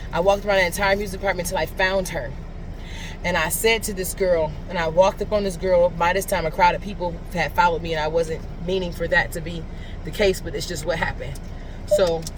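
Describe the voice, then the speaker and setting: A woman tells a personal story in an earnest, conversational way. She rambles, backtracks and restarts her sentences as she talks. Faint traffic noise sits in the background. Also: on the low side. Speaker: faith vlogger. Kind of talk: casual spoken reflection and storytelling.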